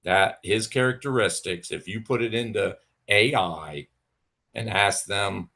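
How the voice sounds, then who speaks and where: A fairly low-pitched man speaks into a livestream mic. He rants at a rival in a heated, profane, sarcastic way. His outbursts jump high and loud, then drop to low mutters. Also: a little slow, creaky. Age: adult with children. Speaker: livestream host. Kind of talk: angry rant to a rival.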